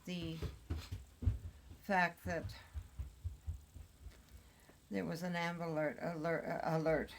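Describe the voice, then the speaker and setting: Halting older woman with a low voice. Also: level tone, slight background noise, low-quality recording. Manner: halting, with many pauses and fillers. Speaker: grandmother telling the family's story. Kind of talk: casual recorded conversation.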